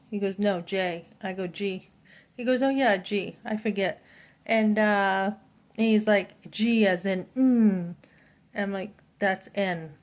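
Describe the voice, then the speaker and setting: Chatty middle-aged woman vlogging. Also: medium pitch. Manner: chatty storyteller, acts out kids' lines. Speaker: vlogger and teacher. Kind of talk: casual vlog chat.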